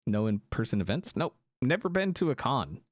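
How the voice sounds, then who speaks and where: A man's voice: mid-range voice, sing-song, normal speed, no room sound, clean studio sound. A young man streaming a game, chatting casually with viewers in a slightly sick voice with a lingering cough, rambling with ums and laughs. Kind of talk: casual livestream chat answering viewers.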